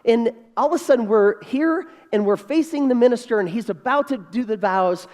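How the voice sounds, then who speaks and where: A man of about fifty giving a keynote speech as an animated storyteller who repeats key phrases for emphasis. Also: very high-pitched, moderate pace. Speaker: keynote speaker. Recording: reverberant hall.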